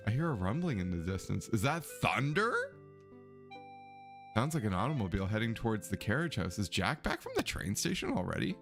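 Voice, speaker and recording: A man casually commenting on a mystery game while reading its text aloud, animated and excitable, laughing often and talking to his chat. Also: medium pitch. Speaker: let's play streamer.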